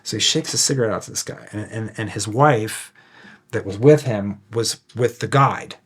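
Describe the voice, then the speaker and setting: A man's voice: fairly low pitch, moderate pace, husky. A man who guides ghost tours, telling a story in a casual chat, loose and rambling, full of fillers. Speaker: ghost tour guide and ghost hunter, guest.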